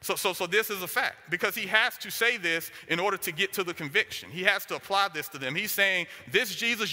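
A man's voice: high-pitched, pushed and bright. A man preaching a sermon, driving his points home with short, repeated declarations. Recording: long hall reverb.

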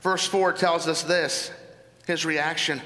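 Male pastor, earnest sermon delivery with rhetorical questions; sharp, bright tone in a reverberant hall. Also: fairly high pitch, fairly even intonation, slow pace.

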